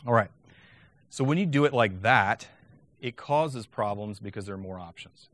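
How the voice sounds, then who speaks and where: A man's voice: lowish voice, animated, normal speed, a bit bright, dry recording. A man giving a lecture on teaching Latin, talking conversationally and often checking in with "okay?".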